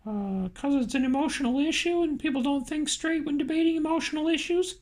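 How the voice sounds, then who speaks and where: A woman's voice: high voice, brisk, a little mellow, pitched above the performer's own voice, natural voice. A woman reading the part of an unsure young male politician who answers hesitantly. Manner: hesitant, uncertain.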